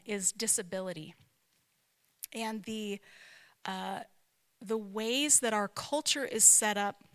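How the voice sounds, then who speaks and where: Here the woman speaks in a mid-range, slightly bright voice. An author and speaker from outside the American South, she gives a conversational lesson that is reflective and emphatic, often questioning herself aloud.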